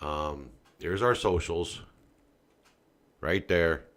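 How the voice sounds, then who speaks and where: This political commentary podcast is hosted by a man with a low-pitched voice who talks very slowly. He rants with loud bursts, swears without restraint, and chats to his viewers in a relaxed, folksy fashion.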